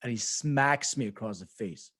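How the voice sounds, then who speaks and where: A man's voice: mid-range voice, moderate pace, fairly bright tone, no room sound. A man co-hosting a podcast, telling rambling anecdotes in casual chat, acting out quoted voices and laughing often. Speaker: podcast co-host.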